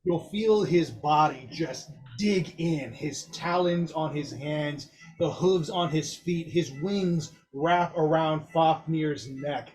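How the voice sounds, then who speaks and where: A man running a tabletop game as game master, narrating actions in a relaxed, descriptive way. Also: fairly high pitch.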